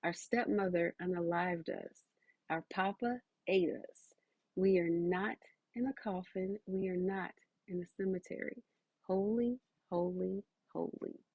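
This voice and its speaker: A woman's voice: lowish voice, fairly even intonation, measured pace, breathy edge, no room sound, narrow, tinny audio. A woman voicing the eerie chant of ghostly children's bones, sinking to a whisper.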